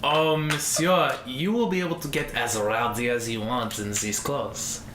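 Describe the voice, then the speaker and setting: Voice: mid-range voice, fairly even intonation, measured pace, roomy sound, background noise, voice pushed down, natural voice. A game master putting on a fussy, flirty male French tailor with a showy fake French accent. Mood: theatrical.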